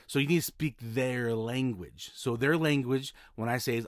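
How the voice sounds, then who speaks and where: A man's voice: mid-range voice, steady tone, moderate pace, hardly any pauses, no echo, clean studio sound. A man hosting a solo podcast, talking casually about his notary work, often repeating and restarting words. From Utah. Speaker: podcast host, mobile notary.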